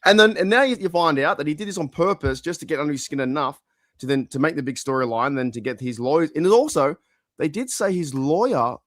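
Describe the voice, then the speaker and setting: A man's voice: on the high side, expressive, fast, fairly bright tone, no echo, clean studio sound. A man, co-hosting a podcast in casual chat, rambling through stories and swearing casually. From Australia. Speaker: podcast co-host.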